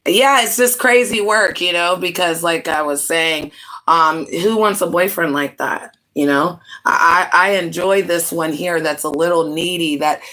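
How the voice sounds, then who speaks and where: A woman's voice: fairly low pitch, bright, forceful tone. A woman hosting a casual livestream, telling stories in a dramatic, rambling way. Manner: dramatic, rambling storyteller with laughing asides. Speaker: livestream host.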